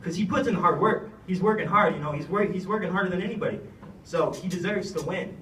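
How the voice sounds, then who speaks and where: A young man speaks earnestly at a slightly high pitch, rambling through thanks with plenty of fillers. He stands away from the mic in a roomy, echoing hall, with faint ambience behind him. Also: fast, sharp tone, a little hiss or hum. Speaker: retiring wrestler giving a thank-you speech. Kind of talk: heartfelt speech. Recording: echoey room, speaker far from mic.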